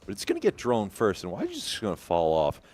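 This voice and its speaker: A man doing rapid play-by-play commentary as an esports caster, often stammering over restarts. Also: on the low side, wildly swooping pitch, a little mellow. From Canada.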